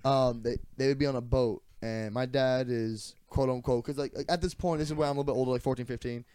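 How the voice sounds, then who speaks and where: Animated young man telling a story. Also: mid-range voice, fast, clean tone. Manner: animated storyteller who acts out quotes, swears freely. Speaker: podcast co-host. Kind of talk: casual chat, storytelling.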